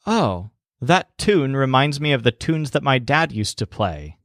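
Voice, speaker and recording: A man's voice: mid-range voice, sing-song, a little slow, fairly bright tone, no echo, clean studio sound. A man voicing a short-tempered man who fusses over his kitchen and talks bluntly, with exclamations. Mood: wistful.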